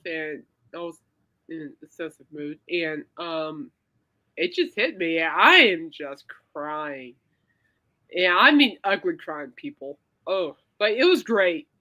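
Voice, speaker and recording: A woman hosts a casual podcast with a bright, sharp voice. She chats and giggles freely, drawing her words out long when she gets emotional. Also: on the low side, dull audio. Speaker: podcast host. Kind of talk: casual chat.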